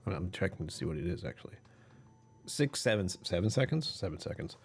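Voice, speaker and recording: A man's voice: low-pitched, big pitch swings, fairly quick, a little hiss or hum. A young man hosting his own livestream in casual, rambling chat, amused by himself as he talks. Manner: rambling, self-amused, chatty. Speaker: livestream host.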